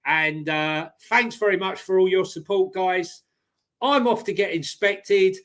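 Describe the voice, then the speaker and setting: High-pitched casual man. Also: measured pace, a bit bright. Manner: laid-back, many ums and uhs, jokey. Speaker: co-host. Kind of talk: casual live-stream chat.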